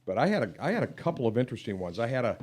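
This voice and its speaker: A man's voice: mid-range voice, very animated, very fast. A middle-aged man co-hosting a podcast, talking in an earnest, affectionate way and laughing easily. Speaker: podcast co-host. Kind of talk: casual podcast chat.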